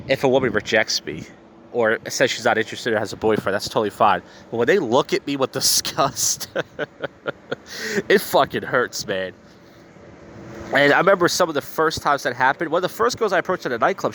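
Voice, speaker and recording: A man's voice: medium pitch, a bit bright. A man with a mid-range voice hosts his podcast outdoors, a little tipsy and slurring slightly as he talks. His delivery is blunt and profane, full of bitter venting in a loose storytelling style. Faint street traffic hums in the background. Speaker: podcast host. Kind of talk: casual storytelling monologue. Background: faint street and traffic noise.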